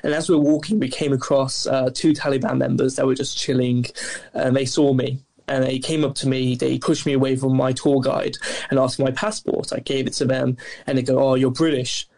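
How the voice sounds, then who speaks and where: Gravelly, flat-voiced young man. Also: mid-range voice, fairly quick. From Wales. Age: young adult. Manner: rambling, dry deadpan delivery with many fillers. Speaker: guest. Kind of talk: casual storytelling in an interview.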